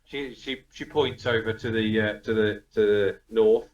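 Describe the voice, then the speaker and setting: A man's voice: fairly low pitch, fairly even intonation, unhurried, highs cut off. A man narrating as dungeon master, rambling with many fillers and restarts. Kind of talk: narrating a tabletop game. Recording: echoey room, distant mic.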